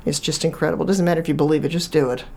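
A woman's voice: sits low, fairly even intonation, very fast, vocal fry, a little mellow. A woman author, talking casually as an interview guest and telling stories with lots of fillers and restarts. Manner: chatty storyteller, many restarts and fillers. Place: from Chicago.

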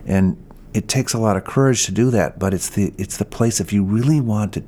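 Deep-voiced earnest man. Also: brisk, dark tone, slight background noise. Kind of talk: casual interview talk.

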